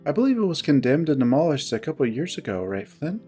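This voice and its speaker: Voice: medium pitch, big pitch swings, quick pace, warm tone, breathy edge, soft background music. A reader voicing a wary young fennec fox woman who makes guarded, dry remarks.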